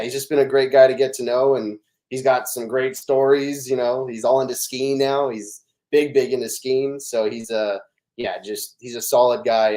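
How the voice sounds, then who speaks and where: A middle-aged man, a podcast guest, telling stories in animated casual chat, with many fillers and restarts. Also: mid-range voice.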